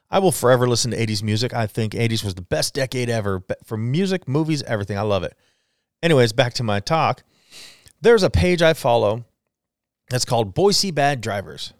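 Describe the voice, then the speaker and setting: A man's voice: medium pitch, clean tone, dry recording, clean studio sound. A man in his forties hosting a solo podcast, ranting bluntly and swearing freely. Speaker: podcast host. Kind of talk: casual solo podcast rant.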